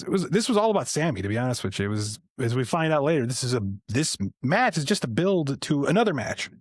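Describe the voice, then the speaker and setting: A man's voice: a little high, no room sound, clean studio sound. A man co-hosting a podcast, casually recapping the week's matches with chatty asides. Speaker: podcast co-host.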